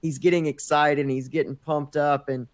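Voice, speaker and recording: A man guest in an interview, telling his story in an animated way, acting out the dialogue and often saying "man". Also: on the high side, normal speed, dry recording. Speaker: podcast guest.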